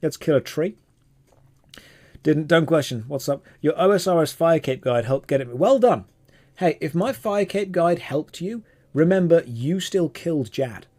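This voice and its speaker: Animated streamer, mellow voice. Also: male voice, fairly high pitch. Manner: animated, self-mocking, jumps between chat and gameplay. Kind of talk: casual live-stream chat while gaming.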